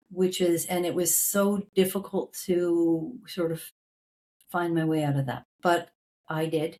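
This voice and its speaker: A woman tells a family story on a podcast with lively energy. She acts out the voices of her relatives as she goes. Her voice sits a little low for a woman. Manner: animated anecdote telling, acting out family members' lines. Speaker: podcast guest. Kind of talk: storytelling in an interview.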